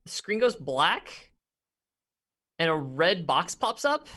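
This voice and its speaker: A man's voice: on the high side, big pitch swings, slow, sharp tone. A man narrating as game master of a tabletop game, rambling with many fillers and frequent laughs.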